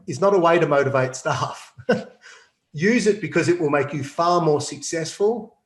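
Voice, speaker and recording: A man's voice: a little high, a little slow, roomy sound. A man from Australia, a company CEO answering interview questions in a confident, explanatory way and laughing often. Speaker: CEO guest. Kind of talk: business interview.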